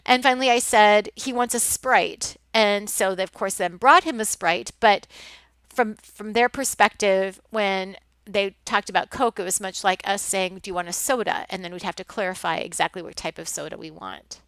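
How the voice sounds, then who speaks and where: A woman's voice: medium pitch, fairly even intonation, normal speed, a bit bright, clear, resonant tone, dry recording. A woman with a Midwestern American accent, a college instructor talking through slides in a chatty lecture full of ums and restarts. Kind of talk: recorded lecture over slides.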